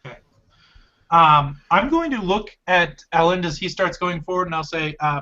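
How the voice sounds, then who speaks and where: A man playing a tabletop game, with a bright, tense voice that turns commanding in character. It sits fairly high for a man, and the audio comes through a dull, lo-fi call. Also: animated, normal speed. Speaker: player. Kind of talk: in-character role-play.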